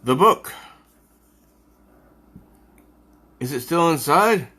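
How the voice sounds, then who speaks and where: A man voicing a mysterious male magician who speaks urgently and, at times, gravely and ominously. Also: fairly high pitch, lively intonation, moderate pace, sharp tone, pitched above the performer's own voice.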